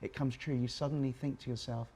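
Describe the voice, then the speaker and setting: A man from England in his forties with an English accent. He speaks as a co-host in a relaxed panel chat, and his tone is reflective and thoughtful. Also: mid-range voice, fast, slight background noise.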